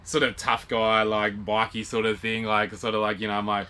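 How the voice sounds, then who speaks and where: A young Australian man casually telling a story, acting out the dialogue with lively, animated quoting. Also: on the low side, moderate pace, clean tone. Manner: animated retelling with quoted dialogue and laughs. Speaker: vlog co-host.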